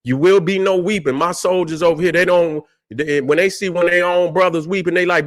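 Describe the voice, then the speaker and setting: A man's voice: sits high, steady tone, brisk, hardly any pauses, dry recording, studio quality. A man hosting a livestream, talking in a combative, profane, preaching style and repeating "you see what I'm saying". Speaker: livestream host.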